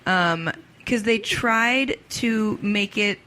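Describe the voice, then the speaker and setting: A woman with a bright, clear voice chats casually as a podcast guest. She laughs often and rambles between many fillers. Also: medium pitch, very slow. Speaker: guest, children's book author.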